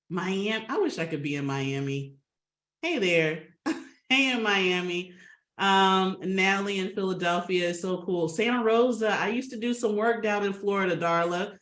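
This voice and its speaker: A woman hosting a webinar over a video call, chatty and upbeat, greeting attendees by name and laughing often. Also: medium pitch. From Atlanta, Georgia. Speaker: webinar host. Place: home office on a video call. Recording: roomy video call audio.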